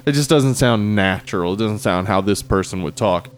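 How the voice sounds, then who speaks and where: A man's voice: lowish voice, moderate pace, slight background noise. A man co-hosting a casual movie review podcast, joking and swearing freely. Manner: joking, profane, does silly put-on accents. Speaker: podcast co-host.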